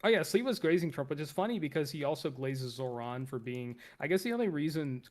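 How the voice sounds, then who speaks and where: A man's voice: on the high side, lively intonation, a little fast. A man hosting a live stream, chatting loosely and wryly while reacting to a debate. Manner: loose, rambling, wry. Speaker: streamer host. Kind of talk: casual live-stream commentary.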